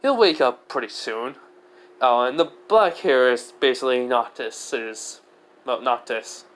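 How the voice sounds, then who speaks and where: A man's voice: medium pitch, measured pace, fairly bright tone, rough recording. A man casually narrating a fan fiction story, rambling with lots of fillers and self-corrections.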